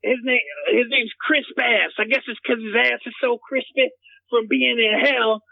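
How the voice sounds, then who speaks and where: A man's voice: extremely high pitch, fairly even intonation, moderate pace, creaky, phone-quality sound. A man playing a rambling, dim-witted character who stumbles over his words and repeats himself, as a comedy bit.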